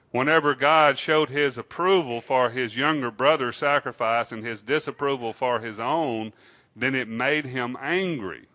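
A man preaching a sermon to his congregation in an unhurried, conversational way, often asking them questions. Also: medium pitch, sharp tone, dull audio. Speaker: pastor.

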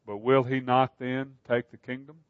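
A man's voice: mid-range voice, flat delivery, normal speed, no echo, lightly acted. A man voicing an anxious, loyal army commander who asks hesitant questions, in a dull, dry recording.

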